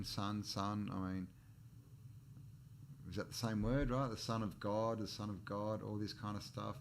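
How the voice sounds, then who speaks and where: A man's voice: lowish voice, fairly even intonation, unhurried, creaky, slight background noise. A man hosting a casual livestream chat, rambling between topics and greeting viewers in the chat with frequent restarts and chuckles. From Australia. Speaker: channel host.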